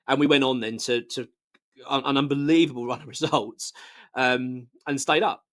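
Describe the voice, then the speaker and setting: A man's voice: mid-range voice, fairly even intonation, moderate pace, a bit bright. A man, married, hosting a football fan channel and giving blunt, passionate casual commentary full of restarts. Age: adult, married.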